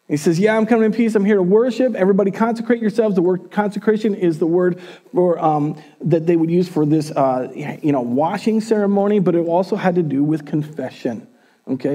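A male pastor preaching a sermon in a church, telling the story in an animated, casual way. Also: a little high.

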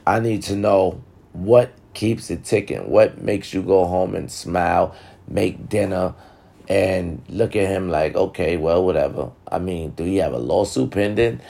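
A man's voice: deep voice, measured pace, gravelly, mellow. A man talking to viewers in a blunt, profane, casual monologue, giving relationship advice. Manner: blunt, profane and talkative, addressing viewers directly.

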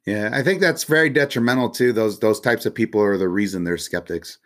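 A man's voice: on the low side, brisk, a bit bright. A man hosting a podcast, chatting casually with his guest, laughing often and reacting with enthusiasm. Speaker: podcast host. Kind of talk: casual interview chat.

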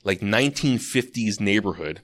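A man's voice: on the low side, lively intonation, normal speed, a bit bright. A man co-hosting a podcast, casually telling a long dream story, full of "like" and restarts. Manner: rambling storyteller, lots of "like". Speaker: podcast co-host.

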